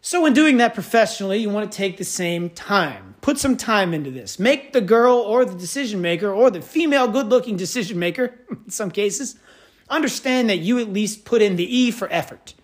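A man's voice: expressive, moderate pace. A man hosting a podcast, telling stories in a rambling, wry, self-mocking way. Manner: rambling, wry, self-mocking storyteller with big pitch swings. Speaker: podcast host. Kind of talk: casual monologue.

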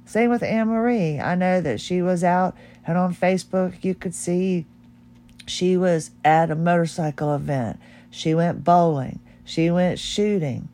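Tearful but measured in pace, a middle-aged woman with a lowish, mellow voice hosts her own podcast. In this personal monologue she's heartfelt and candid, rambling as she speaks.

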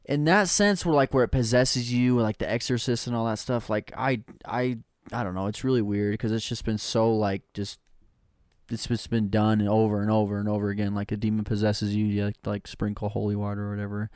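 A man's voice: lowish voice, steady tone, a little fast, darkish tone, smooth, no echo, studio quality. A man co-hosting a podcast, talking in a hesitant casual chat. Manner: hesitant, many fillers and restarts.

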